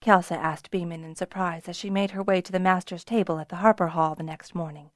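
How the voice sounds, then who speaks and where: A woman narrates a fantasy audiobook in a measured, scripted reading. Her voice sits a little low, and the recording is dry and close with no room sound. She lifts her voice when she speaks the characters' lines. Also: steady tone, no room sound. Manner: voices characters with rises in pitch and volume.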